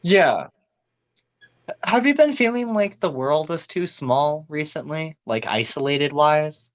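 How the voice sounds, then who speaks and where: A teenage boy co-hosting a podcast, telling stories in an animated way and swearing freely. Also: a little high, measured pace. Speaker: podcast co-host. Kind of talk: casual chat.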